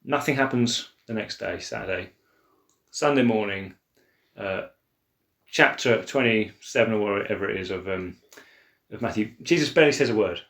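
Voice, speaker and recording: A man co-hosting a church Bible podcast, chatting in an animated way and acting out quotes with laughter. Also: moderate pace. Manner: animated, acts out quotes with big pitch swings and laughs. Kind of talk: casual Bible discussion. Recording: echoey room.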